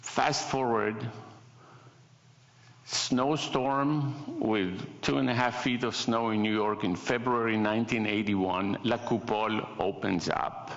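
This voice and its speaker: An older man with an Italian accent gives a guest lecture, telling stories with a wry, self-mocking humor. His voice is low and gravelly. The recording is dull and lo-fi, with a long hall echo. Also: steady tone, slow pace, a bit bright. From Italy. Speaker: designer giving a guest lecture. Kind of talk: anecdotal lecture storytelling. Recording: echoey hall, dull lo-fi sound.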